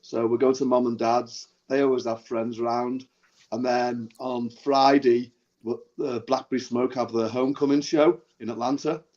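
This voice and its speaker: A man in a casual chat, telling an animated anecdote and laughing easily. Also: medium pitch, normal speed, dull audio. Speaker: music writer and show regular.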